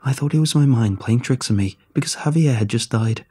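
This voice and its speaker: A man's voice: mid-range voice, a little fast, dark tone, slightly rough, lightly acted. A man voicing a serious, blunt male crewman who gives urgent warnings in a story reading. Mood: grave.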